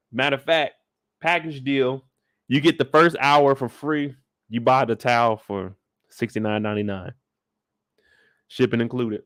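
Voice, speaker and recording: A man's voice: mid-range voice, fairly bright tone, no echo, studio quality. A man hosting a casual live recap of a TV episode, talking in a laid-back, slangy way with joking asides. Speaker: show recap host.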